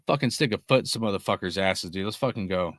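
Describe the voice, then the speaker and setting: A man's voice: low voice, fast talker, no echo, studio quality. A young man hosting a live sports podcast, ranting heatedly and swearing constantly while he reads out chat messages. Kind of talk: profane casual sports rant.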